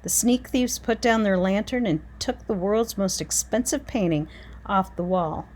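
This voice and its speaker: A woman reading a children's chapter book aloud, expressive and dramatic. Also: mid-range voice, a little slow, a little hiss or hum. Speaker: reader. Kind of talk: storybook read-aloud.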